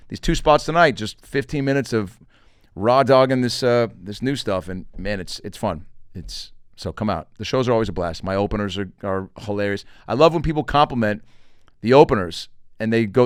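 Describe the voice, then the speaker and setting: A man's voice: mid-range voice, clean tone, dry recording, clean studio sound. A middle-aged man hosting a comedy podcast, telling stories in a loose, joking way and swearing casually. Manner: animated, joking, swearing, does quick voices for quotes. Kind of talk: casual solo podcast monologue.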